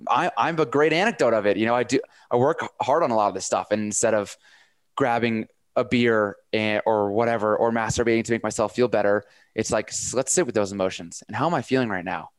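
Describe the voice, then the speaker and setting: A man hosting a casual podcast conversation, talking with eager, energetic enthusiasm. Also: lowish voice, brisk, no echo.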